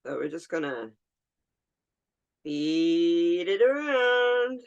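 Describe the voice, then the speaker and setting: Craft host, female, unhurried and chatty, thinks aloud and talks to herself through a casual demo. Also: fairly low pitch, sing-song, smooth, highs cut off. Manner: chatty, talks to herself while working, laughs easily. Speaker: resin art tutorial host. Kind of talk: casual hands-on demonstration.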